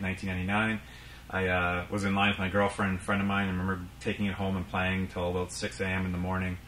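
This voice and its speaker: A man in his thirties from Canada talks through his game collection in a casual, rambling vlog, filling every pause with ums and uhs. His voice sits low but has a bright, forceful edge. The room gives it a clear echo, with a faint hiss behind. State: out of breath. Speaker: game collector channel host.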